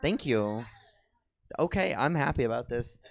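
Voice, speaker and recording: A man's voice: medium pitch, expressive, measured pace, creaky. Giggly self-mocking man chatting onstage. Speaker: comedy show co-host. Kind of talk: rambling stand-up style chat with the audience. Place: comedy theater stage.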